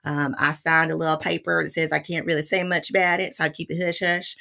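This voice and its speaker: A middle-aged woman with a lilt recounts a trip in a relaxed, chatty vlog. Her voice is bright and forward, pitched a little low for a woman, and she talks to viewers as y'all. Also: fast talker, creaky. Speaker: vlogger. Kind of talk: casual storytelling vlog.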